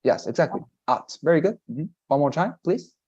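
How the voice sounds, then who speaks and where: A man's voice: a little high, big pitch swings, fast talker, warm tone, slightly rough, lo-fi sound. A man teaching English in a one-on-one lesson, encouraging and patient, often repeating praise.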